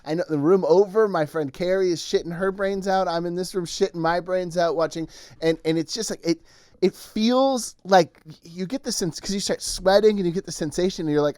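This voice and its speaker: A man co-hosting a comedy podcast, telling a crude story in a casual, animated way with frequent laughter. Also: sits high, fairly quick, dry recording, clean studio sound. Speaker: podcast co-host.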